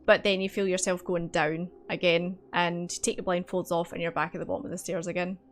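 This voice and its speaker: A woman narrating as dungeon master for a tabletop game, relaxed and chatty with lots of fillers. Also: on the low side, a little fast, slight background noise. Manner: relaxed, filler-heavy narration with easy laughs. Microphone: streaming mic.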